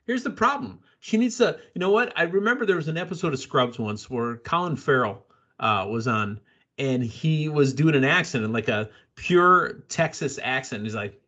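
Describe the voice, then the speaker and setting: A man's voice: medium pitch, expressive, moderate pace, pushed and bright. A man hosting a casual wrestling podcast, blunt and opinionated, rambling through his takes. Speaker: podcast host.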